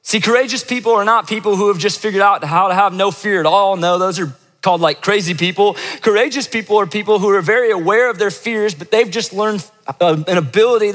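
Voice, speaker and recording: Young man, pastor, high-pitched voice, casual joking sermon, long hall reverb. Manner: casual, joking, animated storytelling with acted-out quotes. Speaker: pastor leading a church service. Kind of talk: sermon with storytelling.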